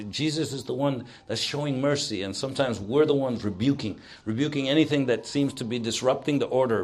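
Guy preaching a sermon, gets loud then drops real quiet like he's praying. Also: medium pitch. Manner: emphatic, swings between loud exhortation and hushed prayer.

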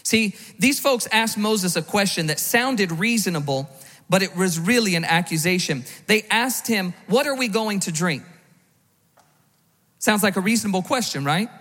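A man's voice: high voice, animated, normal speed, fairly bright tone, in a large hall. A man preaching a sermon as pastor, conversational, with rhetorical questions and frequent restarts. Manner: repeats words when restarting.

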